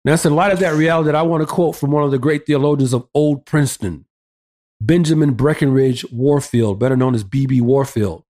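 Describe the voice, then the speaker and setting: A man's voice: mid-range voice, brisk, darkish tone. A man preaching emphatically on a talk show, citing scripture references and pressing rhetorical questions in a repetitive cadence. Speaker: pastor guest.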